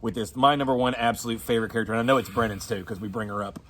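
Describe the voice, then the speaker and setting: A man's voice: mid-range voice, rapid-fire, very noisy. A man with a Southern US accent co-hosting a casual movie chat, rambling and profane, laughing often. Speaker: co-host.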